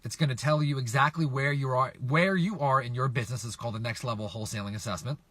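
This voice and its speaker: A man's voice: mid-range voice, fast, fairly bright tone, no room sound. A middle-aged man coaching real estate investors on camera, emphatic and repetitive, often asking viewers to respond. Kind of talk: direct-to-camera coaching talk.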